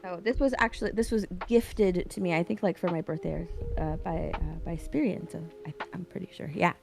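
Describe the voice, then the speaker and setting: A woman's voice: on the low side, steady tone, brisk, vocal fry, over music. A woman guesting on a casual livestream, chatting loosely with lots of "like" and restarts. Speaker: guest creator. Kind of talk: casual hobby-stream chat.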